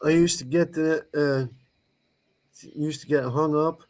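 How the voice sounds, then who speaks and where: A man's voice: on the high side, steady tone, measured pace, a little mellow. A man in casual livestream chat, joking in a laid-back way.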